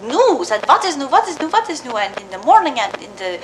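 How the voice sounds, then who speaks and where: A woman's voice: high-pitched, sing-song, echoey room. Woman playing a Czech immigrant mother, scratchy film. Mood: earnest. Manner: halting broken English with many fillers and laughs. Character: Czech immigrant mother, tender, humble, emotional. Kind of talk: mock documentary interview acting. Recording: scratchy old film recording.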